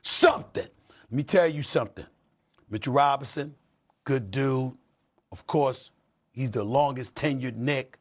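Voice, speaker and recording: A man's voice: mid-range voice, unhurried, long pauses. A middle-aged man hosting a heated sports debate, fiery and emphatic, hammering points with repetition. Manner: fiery, emphatic, repeats phrases for effect. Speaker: host.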